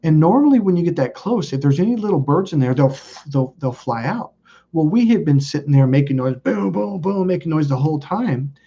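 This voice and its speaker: A man tells a long, meandering story in a relaxed, chatty way, his voice slightly husky and a touch higher than most men's. When he quotes people he springs into excited, high-pitched exclamations. The audio is dull and lo-fi. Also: fairly quick. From California. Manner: animated, acts out quotes with sudden high exclamations. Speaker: channel host. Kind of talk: casual storytelling monologue.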